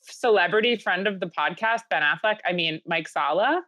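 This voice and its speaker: A woman co-hosting a podcast, chatting casually and trading deadpan, sarcastic jokes. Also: fairly low pitch, normal speed, dry recording. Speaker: podcast co-host. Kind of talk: casual comedic chat.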